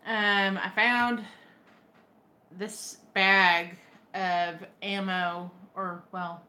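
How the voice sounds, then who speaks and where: A young Texan woman vlogs to camera, chatting casually with her viewers and spinning wry stories in a drawl. Her medium-pitched voice is level and sharp in tone, and she speaks extremely slowly.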